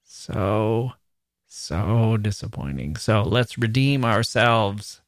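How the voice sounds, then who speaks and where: A man's voice: fairly low pitch, takes it slowly, no echo. Wry male podcast host, dry sound. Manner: wry, mockingly disappointed. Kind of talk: casual podcast commentary.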